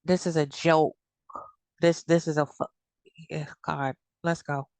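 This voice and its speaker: A woman's voice: sits low, flat delivery, a little slow, darkish tone, no room sound. A woman giving blunt, heated commentary in a casual vlog, cursing freely. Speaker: commentary vlogger.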